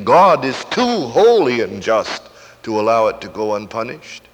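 A man's voice: medium pitch, a bit bright. A man preaching a sermon with fervent, rising intensity and impassioned cries. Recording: echoey hall, faint hiss and clicks.

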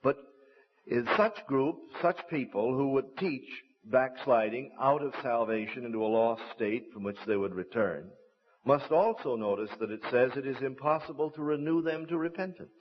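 Husky-voiced preacher, earnest and deliberate. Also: male voice, medium pitch. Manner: earnest storytelling, measured and deliberate. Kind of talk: sermon. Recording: dull lo-fi recording.

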